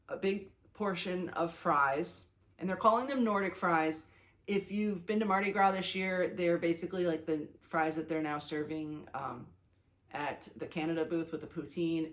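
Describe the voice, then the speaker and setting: A young woman vlogger in a casual talking-head video, talking excitedly and chattily with lots of fillers and restarts. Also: lowish voice.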